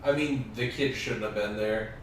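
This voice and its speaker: A man with a middle-pitched voice tosses out crude, deadpan jokes in casual podcast talk. He sits back from the mic, so the voice sounds distant and very roomy, with a faint hiss. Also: moderate pace. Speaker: podcast co-host.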